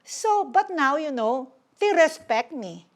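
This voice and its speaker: An older woman, telling stories in an animated, chatty way as an interview guest. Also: high voice, slow. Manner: chatty, animated storytelling with mixed English and Tagalog. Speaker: guest, vlogger. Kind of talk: casual interview chat.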